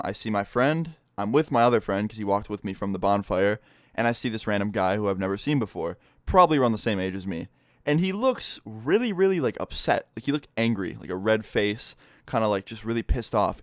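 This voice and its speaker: A young man telling a profane storytime tale to camera in a lively, casual way. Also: on the low side, no echo, studio quality. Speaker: YouTuber. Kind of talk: storytime vlog.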